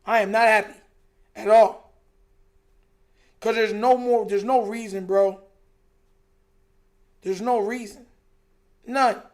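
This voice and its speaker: A man's voice: high-pitched, steady tone, takes it slowly, long pauses. A young man hosting a live stream, reacting to a football game in casual, frustrated, emphatic chat. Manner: frustrated, emphatic, repeats himself, says "bro" a lot.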